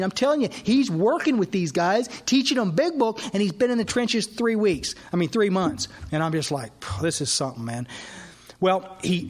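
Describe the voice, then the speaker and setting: A man, speaking at a recovery workshop as an animated storyteller who acts out the dialogue. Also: high voice. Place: workshop hall.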